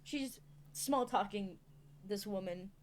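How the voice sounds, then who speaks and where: A woman's voice: mid-range voice, takes it slowly, a little hiss or hum. A woman playing a tabletop role-playing game, hesitant and full of ums while describing her character. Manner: hesitant, many "um" and restarts. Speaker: player.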